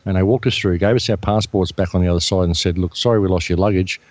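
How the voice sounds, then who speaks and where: A man's voice: sits low, fast, no room sound. An Australian man telling a story as a radio guest, acting out what people said. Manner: animated storyteller acting out quotes.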